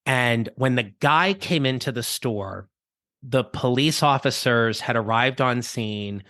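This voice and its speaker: A man hosts a coaching podcast and tells a story from his own life in an easy, reflective way. His voice is bright and forward. The close mic sounds dry, with no room around it. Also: mid-range voice, slow, dry recording. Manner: conversational, reflective, with small restarts. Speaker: podcast host and career coach. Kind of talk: personal storytelling monologue.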